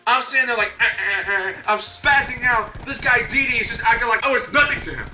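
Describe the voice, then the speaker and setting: A young man telling a comedic story, animated and slangy, acting out his own voice and his coaches' voices. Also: very high-pitched, quick pace, slight background noise. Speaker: YouTuber. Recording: echoey room, a bit distant from the mic, faint music.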